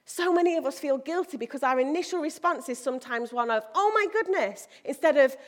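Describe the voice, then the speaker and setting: High-voiced woman preaching a lively sermon. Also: fast talker. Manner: animated, acts out quoted voices with big pitch jumps.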